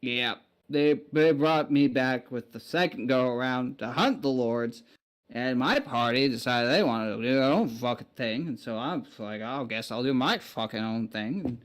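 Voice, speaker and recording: A man's voice: mid-range voice, measured pace, voice pushed down, lightly acted. A man playing a weary, foul-mouthed undead knight in a tabletop game, rambling and swearing freely. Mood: exasperated. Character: weary crude male undead knight, brought back. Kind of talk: tabletop role-play in character.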